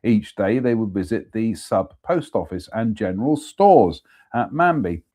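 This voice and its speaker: A man's voice: fairly low pitch, animated, measured pace, dark tone. A man hosting a live show, reading a ghost story aloud steadily with the odd apologetic aside. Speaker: storyteller host.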